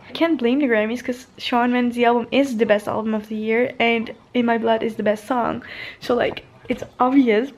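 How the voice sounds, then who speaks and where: A young woman, chatting in a casual vlog and gushing excitedly with lots of fillers. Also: a little high, brisk, slight background noise. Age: young adult. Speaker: vlogger.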